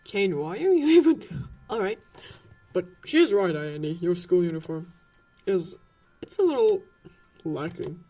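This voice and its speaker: A young woman reading game dialogue aloud in lower, theatrical character voices. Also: very animated, a little slow, long pauses, mellow, soft background music, full character voice. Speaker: gameplay streamer voicing characters.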